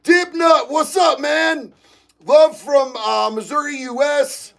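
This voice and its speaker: A man with a very high, gravelly voice hosts a loose livestream chat. He reads out viewer comments and swears freely. When something excites him he gets loud and shouty. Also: takes it slowly. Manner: excitable, profane, bursts into shouting. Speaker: livestream host reading chat.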